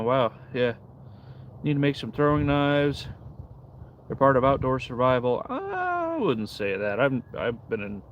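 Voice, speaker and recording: A laid-back man hosting a casual livestream outdoors in the cold, chatting at an ordinary mid pitch. He answers viewers easily. The sound is a bit dull, with faint noise behind him. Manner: laid-back, reads and answers chat while carving. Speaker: livestream host.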